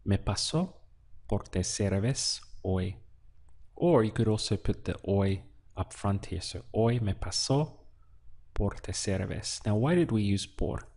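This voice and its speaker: A male teacher walks through a language lesson, slow and patient, pausing to quiz the listener. His voice sits low with a gravelly, husky edge. He speaks close to the mic. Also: lively intonation, mellow. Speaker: Spanish teacher.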